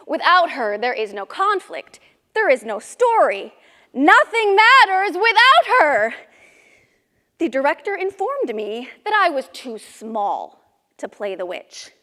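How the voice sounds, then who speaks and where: Middle-aged woman, high voice, comic and indignant memoir monologue, live stage with long reverb. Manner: comic, indignant, lively storytelling. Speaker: memoir performer. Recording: reverberant hall.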